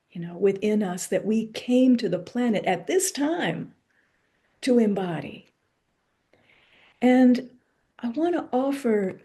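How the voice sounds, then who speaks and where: A woman author giving a reflective spiritual lecture, speaking in a slow, meditative way with pauses and soft asides. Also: mid-range voice, breathy edge.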